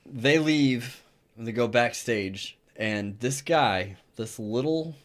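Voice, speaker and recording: A man's voice: mid-range voice, slow pace. A man co-hosting a podcast, telling a story in casual chat and swearing freely. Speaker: podcast co-host.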